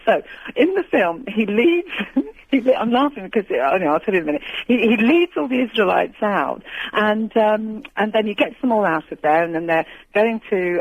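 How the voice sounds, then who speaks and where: A woman's voice: lowish voice, no echo. A woman calling in to a radio show, telling a long story in a rambling, hesitant way with frequent laughter over a phone line. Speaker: caller. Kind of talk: phone-in chat.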